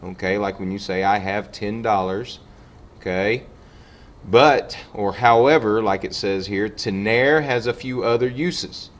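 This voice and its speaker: A man teaching a Spanish lesson, patiently walking through examples and slowing down for each sample sentence. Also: on the low side. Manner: patient, repeats "okay" and slows down for example sentences. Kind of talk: classroom lesson explaining on a board.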